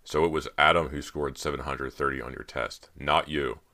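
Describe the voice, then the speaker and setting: A man with a very deep voice reading the lines of a stern, grave judge who is also the father, speaking firmly. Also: fairly even intonation, normal speed, bright, forceful tone, heavily acted. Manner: grave, firm.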